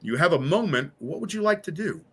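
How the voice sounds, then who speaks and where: A man's voice: high voice, animated, fairly quick, fairly bright tone, breathy edge. A man running a tabletop role-playing game as game master. He talks in a loose, chatty way, with fillers, and he laughs easily.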